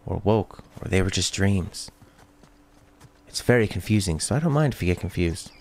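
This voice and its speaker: A man doing casual let's play commentary, reading chat comments and cracking jokes. His voice sits low but swings widely in pitch, animated throughout. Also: moderate pace. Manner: playful, reads chat aloud and jokes.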